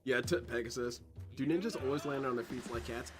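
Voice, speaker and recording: A man's voice: mid-range voice, a little fast. A man giving loose, joking commentary as he plays a stealth game, drifting into tangents. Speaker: let's play host. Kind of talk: gameplay commentary. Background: game music.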